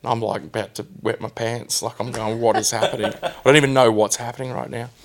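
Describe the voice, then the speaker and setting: A man telling his personal story as a guest, candid and halting, often restarting his sentences. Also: medium pitch, steady tone, slight background noise.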